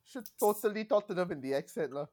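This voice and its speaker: Singaporean woman, lively swinging pitch, teasing, laughs a lot. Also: quick pace. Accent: Singaporean English. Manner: laughs often, teasing reactions. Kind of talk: casual chat.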